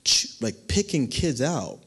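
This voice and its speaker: A man preaching a sermon, telling a personal story with animated delivery and acted-out voices. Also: medium pitch, unhurried, slightly rough.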